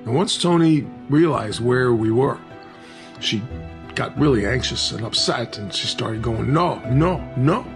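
A man recounting a personal story in an earnest, halting way, with frequent restarts. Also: medium pitch, creaky, over music.

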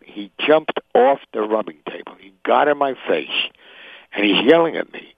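A man's voice: medium pitch, very animated, moderate pace, creaky, slightly rough, no echo. An older man, a sportswriter guest, telling vivid anecdotes on an interview show and acting out the quotes. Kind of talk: interview storytelling. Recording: tinny phone line.

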